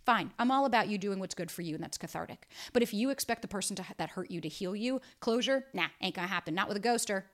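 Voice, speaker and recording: A woman's voice: mid-range voice, lively intonation, fast, few pauses. A woman in her thirties hosting a casual solo podcast, talking bluntly and emphatically and swearing freely. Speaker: podcast host and dating coach.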